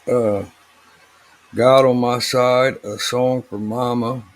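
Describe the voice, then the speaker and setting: Slow, gravelly, husky-voiced man. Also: mid-range voice, fairly even intonation. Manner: laid-back, profane, laughs often. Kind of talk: casual banter among friends.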